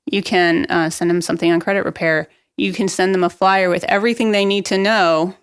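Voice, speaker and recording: A woman speaking as a guest expert on a real estate podcast. She gives practical marketing advice in a brisk, upbeat way. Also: fairly low pitch, steady tone, clean tone, no room sound, studio quality. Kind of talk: podcast interview, explaining marketing tips.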